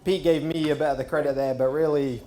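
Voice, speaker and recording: A club chairman closing a dinner with thanks, speaking informally and filling pauses with "uh". His voice sits a little higher than most men's. The speech is loose and unpolished. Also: steady tone, mellow, a little hiss or hum. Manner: informal, hesitant with many fillers. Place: hotel function room at a dinner.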